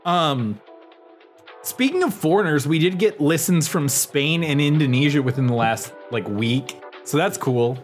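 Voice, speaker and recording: Young male co-host, fairly high voice, lively and swinging pitch, rambling anecdotes with lots of fillers and cursing. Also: measured pace, soft background music. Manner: rambling storytelling, many "like" fillers, swears. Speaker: podcast co-host. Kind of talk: casual chat.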